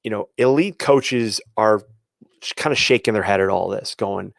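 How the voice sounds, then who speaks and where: Host: emphatic male sports coach, gravelly low voice, dry close sound. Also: animated, moderate pace, no room sound. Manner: emphatic, talks in restarts and quoted asides. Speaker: podcast host and athletic coach. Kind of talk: opinionated solo commentary.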